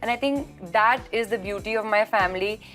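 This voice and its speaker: A woman's voice: mid-range voice, fairly quick, a bit bright, faint music behind. A woman actress answering interview questions over a video call, earnest and reflective, often restarting her sentences. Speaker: actress guest.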